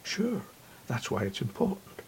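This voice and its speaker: Male narrator putting on a girly, teasing young woman from New Jersey, half-whispered storybook voice, raised pitch, faint hiss behind. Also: huge pitch swings, measured pace, a little mellow. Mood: confident. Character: playful young American woman, girly, conspiratorial. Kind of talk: storybook character voice.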